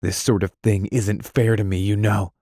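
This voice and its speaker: Guy voicing an angry worn-out young soldier, low and curt, no room echo. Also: flat delivery, normal speed, dark tone, clean studio sound, close to an everyday voice. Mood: cold.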